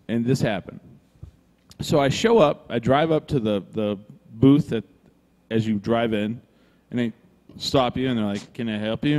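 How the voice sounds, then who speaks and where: A man telling a long, profane story in casual chat, acting out the other people's lines. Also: mid-range voice. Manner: profane, animated, acts out dialogue. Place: brewery.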